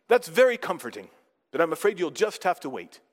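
A man's voice: a little high, big pitch swings, fairly quick. A man voicing a young male hero who answers in dry, curt replies, in a reverberant hall. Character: wry young male hero climbing a cliff.

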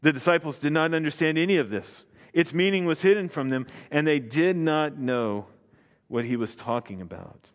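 A man's voice: fairly high pitch, moderate pace. A man preaching a sermon, reading scripture and explaining it, emphatic and drawing out key words. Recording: long hall reverb.

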